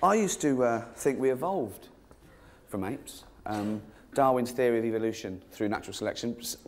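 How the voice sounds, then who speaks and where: An English man doing a stand-up comedy routine, mock-earnest and halting with ums, then breaking into giddy excitement. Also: medium pitch, slight background noise. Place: live comedy stage.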